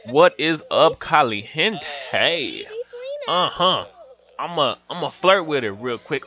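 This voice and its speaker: Young male gaming commentator, loud and profane, very animated pitch, dull lo-fi mic with faint music. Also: slow. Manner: loud, excitable, swings between yelling and muttering. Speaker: gaming YouTuber. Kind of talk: profane comic gameplay commentary.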